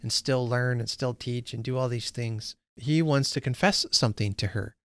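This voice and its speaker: Man, casual book commentary, conversational, mid-pitched voice, dry close sound. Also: moderate pace, fairly bright tone, no echo. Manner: conversational, frequent fillers and restarts. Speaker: book channel host. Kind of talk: casual read-along commentary.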